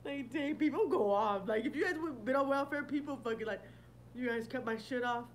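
Woman streamer, casual and foul-mouthed, reacting to chat, a bit higher-pitched, faint noise behind. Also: brisk, poor audio. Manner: blunt, profane, laughing often; reads and answers viewer comments. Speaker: livestream host.

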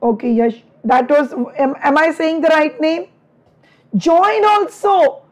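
Indian woman teacher, middle-aged, high and slow, teasing and affectionate, slightly worn throat. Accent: Indian English. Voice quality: strained throat from many lectures. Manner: chatty, affectionate, teasing with students. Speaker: online biology teacher. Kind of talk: live online class, greeting students.

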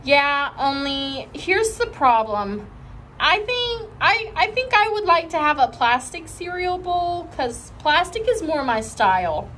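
A woman's voice: sits high, sing-song, a bit bright, slight background noise, pitched above the performer's own voice, heavily acted. A woman reading aloud, voicing an eager little girl who begs and drags out her words. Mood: pleading. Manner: eager, pleading, drawn-out words. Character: bossy, chatty little girl narrator-heroine.

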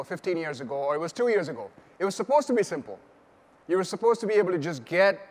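Man giving a keynote in a reverberant hall. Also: on the high side. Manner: earnest, explanatory, with frequent fillers and restarts. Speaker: keynote speaker. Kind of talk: conference keynote presentation. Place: large conference hall.

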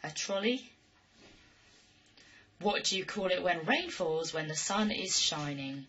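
A woman's voice: fairly low pitch, animated, a little slow, fairly bright tone. A young woman, chatting casually to camera and reading a word list with dry, self-mocking humor. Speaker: vlogger. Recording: dull lo-fi webcam audio.

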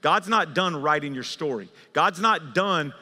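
A man's voice: a little high, lively intonation, a little slow, sharp tone. A man preaching a sermon as a pastor, conversational and emphatic, pushing his voice up for key points in a large church sanctuary. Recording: long church hall reverb.

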